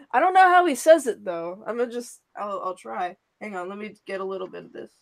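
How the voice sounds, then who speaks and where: A woman's voice: medium pitch, animated, fairly quick, gravelly. A young woman co-hosting a streamed talk show in casual, crude chat, giggling often and trailing off with fillers.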